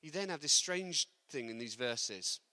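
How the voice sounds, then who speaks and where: A man preaching a sermon, lively and building to loud, emphatic delivery. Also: medium pitch, measured pace, no echo.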